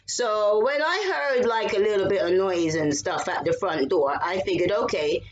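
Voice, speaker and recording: A middle-aged woman with a British accent, telling a personal story in a lively way, swearing and breaking into shouts. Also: medium pitch, moderate pace, lo-fi sound, a little hiss or hum. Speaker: vlogger.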